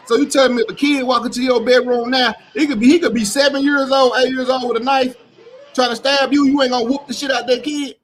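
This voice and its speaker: Fired-up man ranting in a high voice. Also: steady tone, fast talker. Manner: blunt, heated, repeats himself, swears freely; rises to shouting when indignant. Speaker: reaction commentator. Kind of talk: casual reaction commentary.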